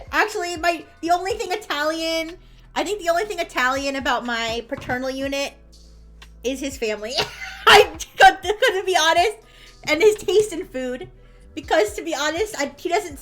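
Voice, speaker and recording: High-voiced chatty woman streamer. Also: a bit bright. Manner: chatty and rambling, quick laughs, frequent restarts. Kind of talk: casual chat while drawing on stream.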